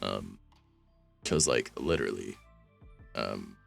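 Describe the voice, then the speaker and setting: A man's voice: a bass voice, animated, takes it slowly, gravelly, faint music behind. A man streaming, reading fanfiction aloud and rambling about it with wry, self-mocking asides.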